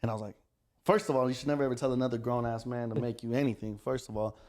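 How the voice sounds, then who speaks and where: A young man, telling stories in casual podcast chat, animated and profane. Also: mid-range voice, rapid-fire. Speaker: podcast guest, restaurant owner.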